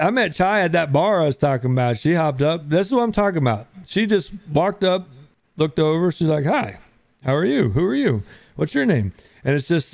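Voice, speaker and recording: A man hosting a live audio chat room, talking in a relaxed, rambling way, often saying "dude" and greeting listeners by name as they join. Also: a little high, no echo. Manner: laid-back, rambling, says "dude" a lot. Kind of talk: casual chat.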